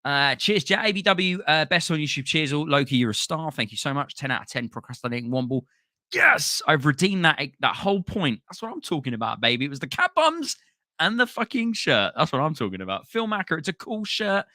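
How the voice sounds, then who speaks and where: Male podcast host, bright tone, loose casual chat, dry recording. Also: on the high side, expressive, fairly quick, no echo. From London, England. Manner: chatty, swears freely, thanks viewers by name. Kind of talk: casual live-stream chat reading comments.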